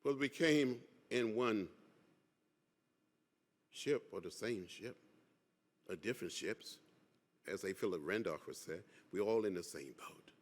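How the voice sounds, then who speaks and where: A man's voice: fairly low pitch, animated, measured pace, pauses often. A man in his seventies gives an impassioned keynote speech, building rhythmic, repetitive lines like a preacher. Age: 70s. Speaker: keynote speaker. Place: large conference hall. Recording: reverberant hall.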